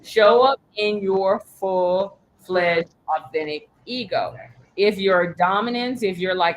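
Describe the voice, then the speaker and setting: A woman coach leads a live workshop, full of energy and storytelling. She slips into quoted voices as she goes and swears casually, in a middle-range voice that is neither high nor low. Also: expressive, unhurried, rough recording. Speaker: business coach.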